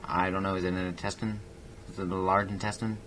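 A young man giving casual, rambling gameplay commentary, self-mocking with excitable bursts. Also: deep voice, fast talker, noisy background. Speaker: gaming YouTuber.

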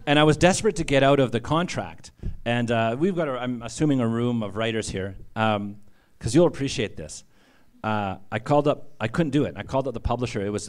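A middle-aged man, an author, giving a humorous storytelling talk to writers, animated and self-deprecating, laughing at his own jokes. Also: medium pitch. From Canada.

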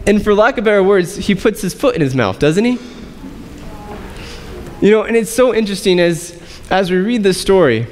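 A man's voice: high voice, in a large hall, a little hiss or hum. A man preaching a sermon as pastor, reading scripture and talking to the congregation in a conversational way, asking them questions. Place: church sanctuary.

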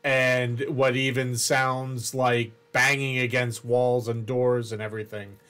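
A man running a tabletop game as game master, describing scenes in a halting, unhurried way with many restarts. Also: mid-range voice, flat delivery, a bit bright.

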